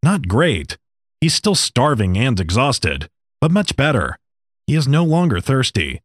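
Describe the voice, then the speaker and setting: A man narrating a story in a measured storytelling manner. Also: mid-range voice, sing-song, no echo, studio quality. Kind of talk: audiobook narration.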